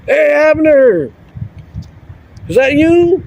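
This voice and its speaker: A man voicing a cocky young male warrior who mockingly taunts sleepy guards in a high, shouted voice. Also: big pitch swings, drawn-out words, vocal fry, a little hiss or hum, full character voice, poor audio. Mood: taunting.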